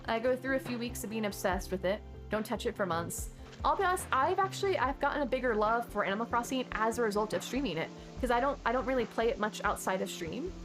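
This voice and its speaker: A woman streaming a game and chatting casually, rambling along with sudden excited exclamations. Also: fairly high pitch, quick pace. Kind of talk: casual gameplay chat. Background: chill background music.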